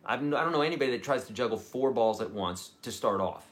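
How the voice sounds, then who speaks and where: A man in his forties with a medium-pitched, animated voice talks fast while giving a casual, encouraging guitar lesson on a livestream. He's a guitar teacher who drops chatty, self-deprecating asides, and guitar playing can be heard in the background.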